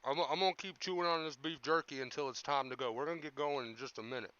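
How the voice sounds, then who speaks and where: A man's voice: a little high, quick pace, pushed and bright, clean tone, lo-fi sound. A young man hosting a casual livestream, chatting with viewers and coaching them on anxiety, often repeating his phrases. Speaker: livestream host talking about anxiety.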